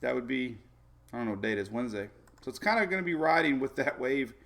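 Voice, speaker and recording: Male weather host, gravelly voice, mid pitch, loose rambling delivery. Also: fast talker, fairly bright tone. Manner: rambling, chatty, laughs often, many fillers. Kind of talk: casual live weather talk.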